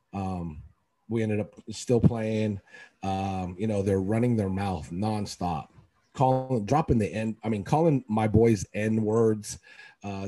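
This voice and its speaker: Husky, warm-toned man telling stories. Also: lowish voice. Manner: animated storyteller acting out quotes. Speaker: podcast co-host, youth basketball coach. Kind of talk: casual chat, storytelling.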